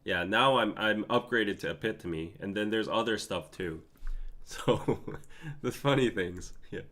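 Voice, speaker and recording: A man's voice: on the low side, measured pace, sharp tone. A man, hosting a live stream and talking emotionally to his chat. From Korea. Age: 30s. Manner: emotional, laughing, pleading with chat. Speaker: podcast host.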